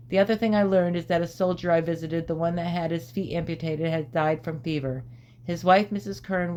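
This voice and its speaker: A woman calmly narrating a storybook as an audiobook reader, in a measured way. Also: on the low side, muffled recording, slight background noise.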